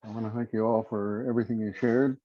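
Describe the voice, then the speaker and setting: A man on a video call telling a story to a prayer circle in an unhurried way, with many pauses. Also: on the low side, flat delivery, highs cut off, a little hiss or hum.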